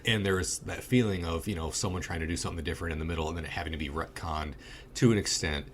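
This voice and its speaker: Man, very low voice, podcast co-host, casual film review, blunt, profane, faint hiss behind. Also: fast talker. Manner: blunt, profane, animated storytelling. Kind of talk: casual movie review chat.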